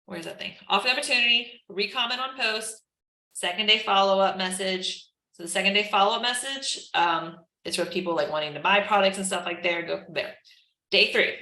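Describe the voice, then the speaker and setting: A woman's voice: medium pitch, normal speed, bright, forceful tone, echoey room, poor audio. A woman running a casual live training session, chatty and full of "like", acting out chat messages. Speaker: team trainer.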